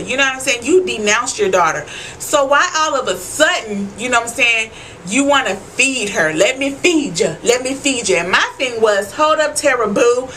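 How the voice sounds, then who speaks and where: A young woman, a TV recap vlogger, gives a casual, profane episode recap in a slightly high, pushed, bright voice, with a little hiss or hum in the audio. She talks straight to her viewers and often asks "you know what I'm saying."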